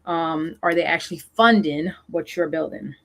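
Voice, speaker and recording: A woman's voice: deep voice, normal speed, a bit bright. A woman host with a Southern US accent, coaching founders in a casual solo talk, repeating her questions and using many fillers. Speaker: show host and funding consultant.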